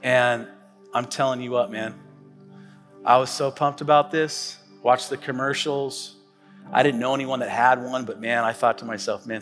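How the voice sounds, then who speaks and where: A man in his forties, a pastor delivering a sermon in a relaxed storytelling way, full of fillers and restarts. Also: medium pitch, long reverb tail. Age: 40s. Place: church stage.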